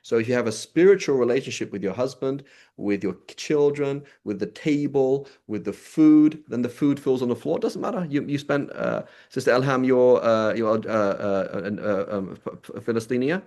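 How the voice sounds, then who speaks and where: A man's voice: medium pitch, normal speed, a little mellow. A man giving an informal religious lesson, conversational, often checking in with his listeners by asking "right?" and "you know?". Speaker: Islamic teacher.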